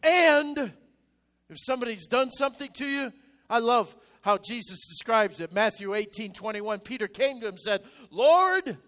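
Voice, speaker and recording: A male pastor delivering a sermon, swinging from loud, emphatic declarations to soft, quiet asides. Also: high voice, moderate pace.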